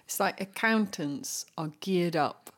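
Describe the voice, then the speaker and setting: A woman co-hosting a podcast, chatting casually and agreeing readily. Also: lowish voice. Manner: chatty, quick to agree with "yeah, yeah". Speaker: podcast co-host. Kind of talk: casual chat.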